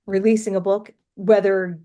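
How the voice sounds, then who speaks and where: A woman's voice: medium pitch, little pitch movement, normal speed, mellow. A middle-aged woman with a Delaware County accent, a former radio broadcaster chatting frankly as a guest on a video call and laughing often. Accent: Delaware County, Pennsylvania. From Philadelphia area, USA. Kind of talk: casual interview chat.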